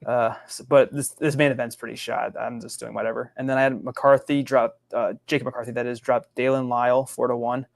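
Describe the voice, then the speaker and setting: A man guesting on a fantasy baseball podcast, talking in an easygoing, halting way. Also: medium pitch, little pitch movement, gravelly, dry recording. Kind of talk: casual fantasy baseball chat.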